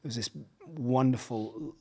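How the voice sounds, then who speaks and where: A middle-aged man with an English accent tells a long story in a casual, lively way. His voice sits at a middle pitch with a husky edge. He laughs often and acts out the people he quotes. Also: measured pace. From England. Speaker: podcast guest, pastor.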